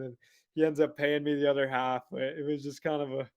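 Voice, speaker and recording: A young man on a podcast over a video call, telling a funny sales story in a relaxed, laughing way and swearing now and then. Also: on the high side, fairly quick, clear, resonant tone. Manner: laid-back, laughing, swears casually. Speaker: podcast guest. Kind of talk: casual storytelling.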